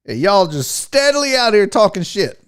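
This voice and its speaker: A man with a high, very lively voice hosts a sports show from a home setup. He talks casually, swears freely and teases his viewers. His pitch leaps up and down as he riffs. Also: normal speed, clean tone. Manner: animated, profane, teasing the chat. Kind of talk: profane casual livestream chat.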